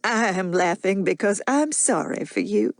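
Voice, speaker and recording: A woman voicing a drunken, mocking Southern gentleman who menaces his wife with a slow, low drawl. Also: expressive, dry recording, studio quality, natural voice.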